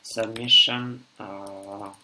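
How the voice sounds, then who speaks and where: A man from Siberia with a thick Russian accent, tired after hours of streaming, coding live and thinking aloud in a halting way as he reads code out. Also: fairly low pitch, fairly even intonation, very noisy.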